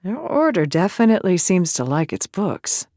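A man's voice: high-pitched, very animated, moderate pace, a little mellow, no echo, clean studio sound, voice pushed up. A male narrator voicing a curious young woman warrior from a foreign land, asking earnest, wondering questions. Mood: impressed.

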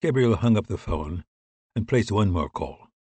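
A man reading a thriller audiobook in scripted narration, steady and even. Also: sits low, unhurried, husky, no echo.

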